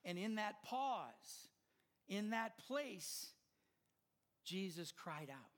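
An older man preaching a sermon as pastor, impassioned and swelling louder at the climaxes. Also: high voice, very animated, drawn-out words.

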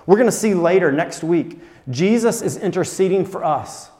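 A man preaching a sermon as pastor, earnest, dropping to soft tones and then rising to emphatic points. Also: high voice, lively intonation, normal speed, in a large hall.

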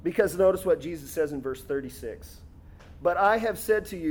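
A man preaching a sermon with a fairly high voice. He talks in a lively, conversational way and acts out the lines he quotes. His pitch and loudness rise and fall as he makes his points. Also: normal speed. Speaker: pastor.

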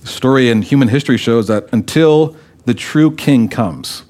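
A man's voice: mid-range voice, moderate pace, darkish tone. A pastor preaching a sermon, who reads scripture aloud and then explains it in a conversational way, his voice rising when he quotes the tribes' arguments.

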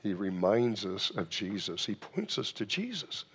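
A man's voice: fairly low pitch, big pitch swings, a little slow, a bit bright, slightly rough. A man preaching a sermon in a church, asking rhetorical questions, with frequent restarts and fillers. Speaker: pastor.

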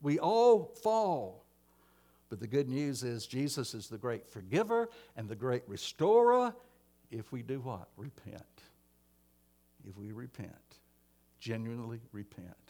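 A man preaching a sermon in a church, swinging between emphatic lines and hushed ones. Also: medium pitch, big pitch swings, measured pace.

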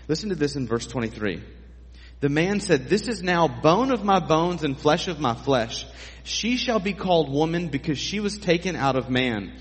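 A man's voice: on the high side, in a large hall. A man preaching a sermon in a conversational way, with jokey asides to the congregation. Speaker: pastor.

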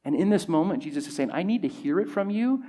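A man's voice: sits high, animated, quick pace, dark tone. A male pastor preaching a sermon to a congregation, building intensity with repeated phrases. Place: church hall with congregation.

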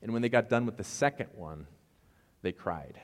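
A man with a lowish voice gives a relaxed, conversational sermon, telling the story with jokes and asides. His voice carries a long reverb, as if he is speaking in a large hall. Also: normal speed. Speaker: pastor.

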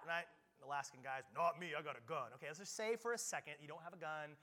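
A man preaching a sermon as pastor, energetic and firing questions at the congregation. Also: on the high side, fast. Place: church hall. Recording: reverberant church hall.

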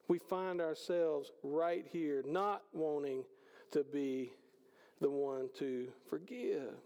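A man preaching a conversational sermon, swinging between loud passages and hushed ones. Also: on the high side, slow. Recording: hall reverb.

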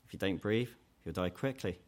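A man with a low voice preaches an earnest sermon. He speaks steadily and with conviction, lifting his voice higher and louder whenever he voices the challenges he quotes. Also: a little fast. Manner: earnest, rises in pitch and force when quoting mockers.

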